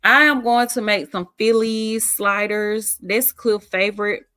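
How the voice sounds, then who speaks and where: A woman's voice: medium pitch, fairly even intonation, unhurried, sharp tone, smooth, dry recording, soft background music. A middle-aged woman hosting a casual livestream, reading viewer comments and telling sassy stories. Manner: sassy, storytelling, reads viewer comments aloud. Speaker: livestream host.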